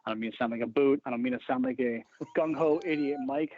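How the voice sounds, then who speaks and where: A man's voice: mid-range voice, fast talker. A man talking as a podcast guest in casual chat, intense and self-deprecating, swearing often. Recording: tinny phone-like line.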